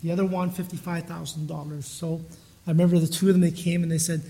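High-voiced man preaching a chatty sermon. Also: flat delivery, quick pace, mellow. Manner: storytelling, chatty, with frequent restarts. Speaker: pastor. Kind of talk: conversational sermon.

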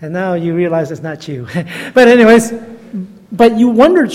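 High-voiced older man preaching in a reverberant hall. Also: expressive, moderate pace, darkish tone. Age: 60s. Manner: chatty, self-deprecating, laughs at own jokes. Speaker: guest preacher. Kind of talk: storytelling sermon.

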